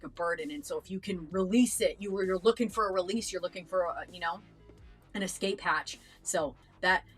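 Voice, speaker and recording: A woman's voice: lowish voice, fairly bright tone. A young adult woman co-hosting a reaction show, telling a personal story in an earnest, chatty way with lots of fillers and restarts. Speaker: reaction channel co-host. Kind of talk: casual chat.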